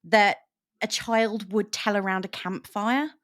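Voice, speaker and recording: A woman discussing a novel in relaxed conversation, explaining points carefully. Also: mid-range voice, measured pace. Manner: explanatory, thoughtful. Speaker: book discussion host. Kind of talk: casual book chat.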